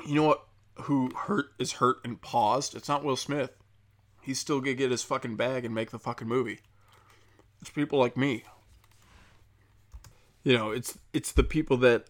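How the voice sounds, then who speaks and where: A man's voice: mid-range voice, fairly even intonation, normal speed, long pauses. A young man doing a profane, heated ranting monologue as a comedian podcast host, slipping into mocking quoted voices.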